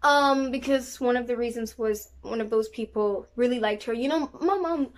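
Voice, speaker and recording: A woman's voice: on the high side, fairly even intonation, moderate pace, slight background noise. Chatty young woman with an American accent. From South Africa. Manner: chatty, lots of 'like' fillers, addresses viewers as guys. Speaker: vlogger. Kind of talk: casual storytelling to camera.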